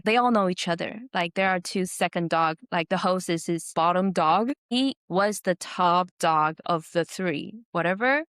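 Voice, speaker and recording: A woman from the United States, a comedian hosting her own podcast, telling a story in a casual, animated way, swearing freely and acting out what people said. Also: fairly low pitch, no echo, clean studio sound. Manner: animated, swears freely, acts out quotes in raised voice.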